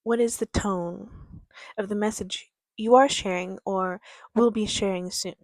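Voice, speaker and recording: Soft-spoken gentle woman life coach, dry sound. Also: medium pitch, no room sound. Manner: gentle, calm and quiet; unhurried, patient delivery. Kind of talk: reflective motivational talk to camera. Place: outdoors near a creek.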